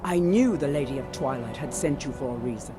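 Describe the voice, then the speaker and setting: A man voicing a devout priest over loud music. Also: medium pitch, lively intonation, brisk, natural voice. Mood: reverent. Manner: reverent, formal. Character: devout male priest of a goddess. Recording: game audio with loud music.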